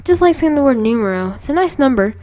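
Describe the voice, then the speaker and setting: Student gamer, fairly high voice, rambling commentary, self-correcting, chatty. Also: big pitch swings, quick pace, darkish tone. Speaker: let's play creator. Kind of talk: casual gameplay commentary.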